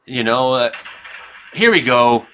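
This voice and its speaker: A Canadian man giving casual, rambling commentary over his own gameplay, shifting between chat and loud reactions. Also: medium pitch, slow, smooth. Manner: rambling, excitable, reacts loudly to hits. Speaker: gaming streamer and weather forecaster.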